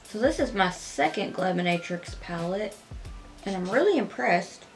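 A woman talking casually at home as she walks through a makeup tutorial step by step, chatty and gushing but gentle. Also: mid-range voice, lively intonation, moderate pace, faint music behind.

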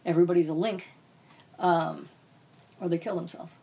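A woman's voice: fairly low pitch, fairly even intonation, moderate pace, creaky, mellow. A woman author as a podcast guest, speaking bluntly and profanely about painful experiences. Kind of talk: candid podcast interview.

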